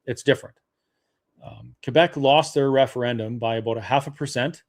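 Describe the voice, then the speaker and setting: A man's voice: mid-range voice, brisk. Argumentative man making a political case. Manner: argumentative, rebutting, with frequent fillers and restarts. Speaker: webinar host. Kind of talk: persuasive political talk.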